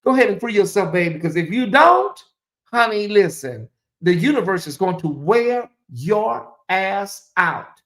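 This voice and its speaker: A woman's voice: mid-range voice, very animated, a little slow. A woman hosting a livestream commentary show, talking bluntly and preachily to her viewers and swearing freely. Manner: addresses viewers directly. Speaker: commentary channel host.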